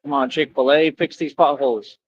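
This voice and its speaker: A man's voice: medium pitch, steady tone, brisk, muffled recording. A man live-streaming while walking outdoors, chatting casually in a rambling, laid-back way. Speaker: street streamer in costume. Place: outdoors on streets. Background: passing traffic.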